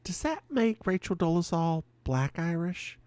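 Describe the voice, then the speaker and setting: A man's voice: fairly high pitch, sing-song, a little slow, darkish tone, no room sound. A man co-hosting a podcast, chatting casually with sassy, campy banter while recapping an episode. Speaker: podcast co-host.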